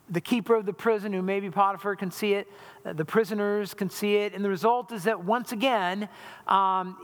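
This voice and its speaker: A man's voice: high voice, a bit bright. A man preaching a conversational sermon as a pastor, often checking in with the congregation by asking "right?". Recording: long hall reverb.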